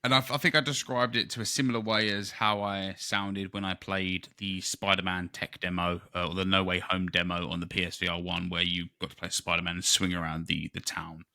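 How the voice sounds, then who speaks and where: Low-voiced excitable man. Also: fairly quick, gravelly, few pauses, dry recording, clean studio sound. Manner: excitable, rambling storyteller. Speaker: podcast co-host. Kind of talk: casual chat.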